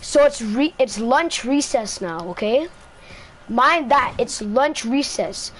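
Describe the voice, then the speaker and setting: A woman's voice: on the high side, expressive, takes it slowly, a little hiss or hum. A woman telling a casual storytime, rambling, repeating herself and asking "right?" after most lines, into a close mic. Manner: rambling, repeats itself, says "right?" often. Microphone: own mic close to the face.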